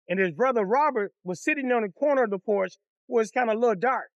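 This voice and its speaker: High-voiced man telling a story. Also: fast talker, no room sound, lo-fi sound. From Detroit. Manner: animated, profane, acts out voices. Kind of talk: casual storytime narration.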